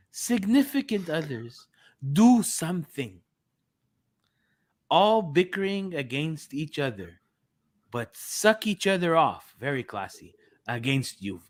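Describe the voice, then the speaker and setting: A man's voice: high-pitched, heavily acted. A man reading a fan's post aloud in a put-on, emotional, exasperated voice, ranting about his club. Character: heated, self-pitying male Juventus fan.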